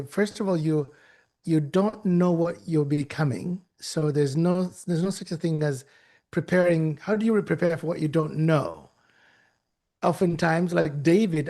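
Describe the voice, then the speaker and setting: A man's voice: fairly high pitch, mellow. A man giving an emphatic, preacherly motivational talk to young people, often restarting and repeating words. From Uganda. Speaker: guest speaker and author.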